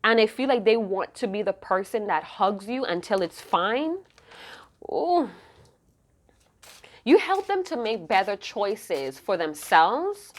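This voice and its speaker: A woman's voice: medium pitch, very animated, takes it slowly. A woman giving an intuitive tarot reading to camera, emotive and rambling, often breaking off mid-thought to restart. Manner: rambling, emotive, self-interrupting. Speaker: tarot reader.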